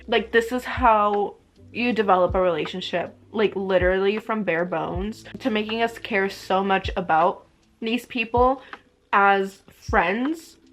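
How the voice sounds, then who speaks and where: A woman's voice: mid-range voice, a bit bright. A young woman vlogging about a book, reading passages aloud and reacting with strong emotion between them.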